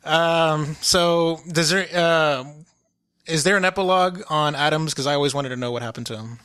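A man's voice: on the high side, normal speed, fairly bright tone, clean tone. A man interviewing his older brother in a casual chat, curious and prompting, with frequent hesitant fillers.

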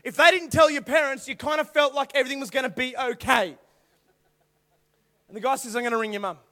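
A young man preaching to a youth group through animated personal stories, acting out voices and now and then bursting into shouts. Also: extremely high pitch, a little fast. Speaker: youth speaker. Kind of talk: storytelling youth sermon.

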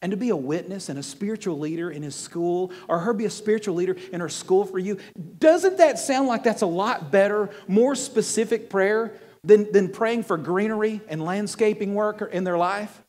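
High-voiced pastor preaching in a reverberant hall. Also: male voice, moderate pace. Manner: animated, joking, repeats words. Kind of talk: sermon. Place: church hall with audience.

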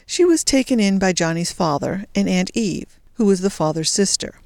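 A woman voicing a brisk, sly young woman in mourning who speaks prim and matter-of-fact. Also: mid-range voice, expressive, darkish tone, dry recording, clean studio sound, lightly acted.

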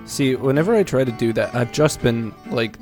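A man's voice: mid-range voice, animated, moderate pace, music in the background. A man co-hosting a podcast, chatting casually and joking about doing accents. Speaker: podcast co-host. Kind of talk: casual chat.

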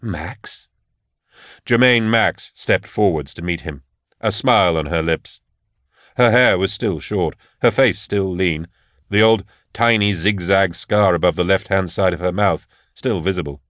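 A man narrating an audiobook in a measured, steady way. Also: deep voice, dry recording, studio quality. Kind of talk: scripted narration.

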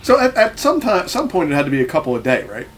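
A man's voice: fairly high pitch, wildly swooping pitch, fast talker. A man co-hosting a casual movie podcast with laid-back, laughing asides. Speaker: podcast co-host. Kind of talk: casual movie commentary chat.

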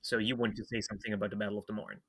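A male podcast host talks history in a casual, conversational way and hands questions to his guest. His voice sits a little low, yet it sounds bright and sharp. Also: level tone, racing, slightly rough.

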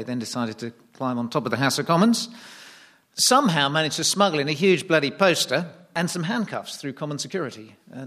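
A man's voice: medium pitch, fairly bright tone. A man as a guest on a comedy panel, chatty with rambling comic asides.

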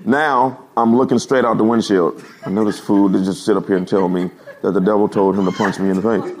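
A man preaching a humorous storytelling sermon to his congregation, animated and laughing at his own stories. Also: on the low side. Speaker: pastor. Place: church service before a congregation.

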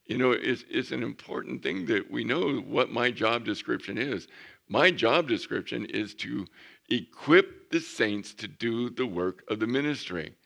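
A man preaching a sermon as pastor, reading scripture slowly and building to emphatic points. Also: medium pitch, animated, gravelly, fairly bright tone. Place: church.

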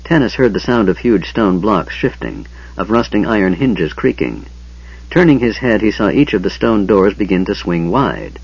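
Husky-voiced man narrating an audiobook. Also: on the low side, moderate pace. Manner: expressive, dramatic storytelling. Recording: dull lo-fi audiobook recording.

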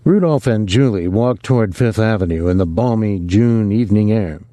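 A man narrating a novel as an audiobook, reading in a deliberate, expressive way. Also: fairly low pitch, dry recording. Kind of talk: scripted narration.

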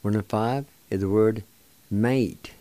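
An older man teaching words of his language on a radio show, slowly spelling and pronouncing each syllable with patient encouragement. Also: on the low side, dark tone, no echo. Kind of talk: slow spelling and pronunciation lesson.

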